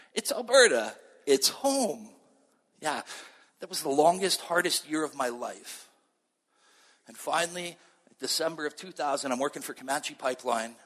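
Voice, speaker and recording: A man's voice: mid-range voice, breathy edge. A man from Canada giving a sermon-style personal testimony, telling his story with acted-out dialogue. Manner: storytelling, acts out dialogue, animated. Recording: long reverb of a large hall.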